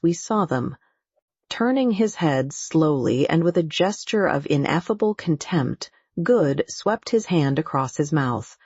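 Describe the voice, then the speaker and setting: A woman reads an adventure audiobook in a low, husky voice, steady and deliberate. The recording is dry and close, with a slightly dull, muffled tone. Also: no echo. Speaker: audiobook narrator. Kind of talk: scripted audiobook narration.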